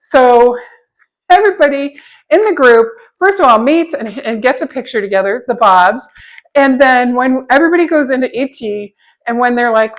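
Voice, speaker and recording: A woman's voice: sits high, animated, moderate pace, rough recording. A middle-aged woman telling stories in a casual vlog, chatty, laughing often and acting out the voices of people she quotes. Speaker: vlogger.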